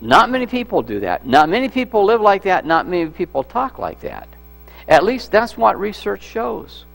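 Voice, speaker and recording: A man's voice: high voice, huge pitch swings, normal speed, vocal fry, a bit bright. A man preaching a sermon as pastor, conversational, repeating words and asking the congregation questions. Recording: echoey hall with mains hum.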